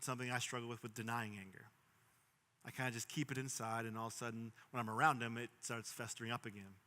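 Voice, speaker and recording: A young man preaching a sermon as pastor, earnest, swinging from emphatic bursts to quiet, low stretches. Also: long reverb tail. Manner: earnest, rising to emphatic bursts then dropping soft.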